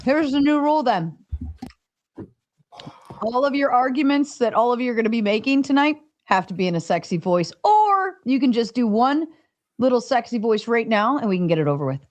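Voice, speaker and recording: A woman's voice: on the high side, animated, brisk, a little mellow, no room sound, muffled recording. A woman hosting a live stream panel in casual chat, giggly and bantering, swearing freely. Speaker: stream host and panel moderator.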